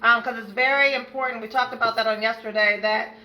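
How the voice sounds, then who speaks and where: High bright effusive woman hosting a livestream. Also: fairly even intonation, brisk, rough recording. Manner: effusive, greets viewers by name. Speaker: livestream host. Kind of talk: live self-care stream chat.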